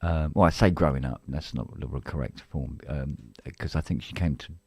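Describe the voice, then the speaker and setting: A man's voice: a bass voice, moderate pace, warm tone, breathy edge, dry recording. A middle-aged man from England, co-hosting a live stream in casual chat, rambling with restarts and the odd cough.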